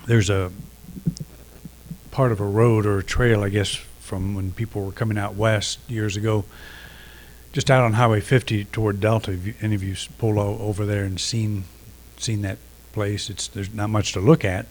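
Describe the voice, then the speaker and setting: A middle-aged man giving a reflective sermon, unhurried, pausing often and restarting phrases. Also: fairly low pitch, steady tone, darkish tone. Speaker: minister.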